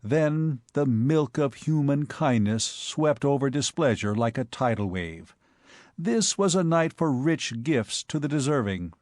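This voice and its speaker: A man narrating a comic novel as an audiobook, expressive and wry. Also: mid-range voice, unhurried, no room sound, clean studio sound. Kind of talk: scripted narration of comic fiction.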